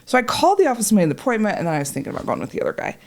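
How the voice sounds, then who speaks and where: A woman with a medium-pitched voice races through a long story in casual conversation. She is a podcast guest and a patient, and she swears freely while animatedly acting out what people said in quoted voices.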